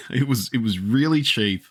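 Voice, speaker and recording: A man's voice: mid-range voice, animated, a little slow, husky. A man hosting a casual podcast chat, rambling with many restarts and frequent laughs. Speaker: podcast host.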